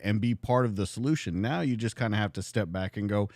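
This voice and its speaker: A man's voice: fairly low pitch, expressive, normal speed, a little mellow, no room sound, clean studio sound. A man hosting a live podcast, asking long, winding questions of his guest. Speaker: podcast host.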